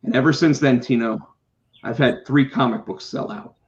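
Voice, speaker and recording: Middle-aged man co-hosting a podcast, animated storyteller, mid-pitched, slightly dull lo-fi recording. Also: normal speed. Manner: animated, swears, acts out quotes. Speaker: podcast co-host, comic book artist. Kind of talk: casual storytelling chat.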